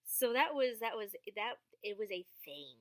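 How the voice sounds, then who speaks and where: A young woman chatting casually to the camera as she answers viewers' questions, acting out quoted lines with sudden high jumps in her voice. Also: very animated, moderate pace, a bit bright, dry recording. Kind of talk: casual storytelling vlog.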